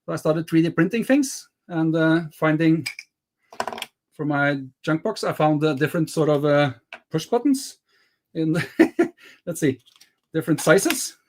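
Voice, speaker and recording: Man, co-host, casual chat, slightly high pitch, hesitant. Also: lively intonation, a little slow, long pauses, slight background noise. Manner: hesitant, many fillers. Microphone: headset.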